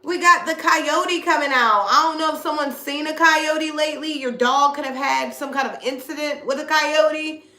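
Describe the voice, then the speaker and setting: A woman's voice: sits high, normal speed, hardly any pauses, bright, forceful tone, echoey room. A middle-aged woman giving a casual spiritual reading to viewers, blunt and preachy, with slang and swearing. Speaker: spiritual reader.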